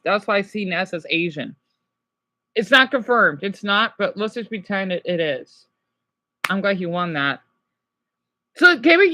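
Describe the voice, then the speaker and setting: A woman giving casual, rambling commentary while playing a video game, talking excitedly to her viewers. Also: medium pitch, no room sound. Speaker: gameplay commentator.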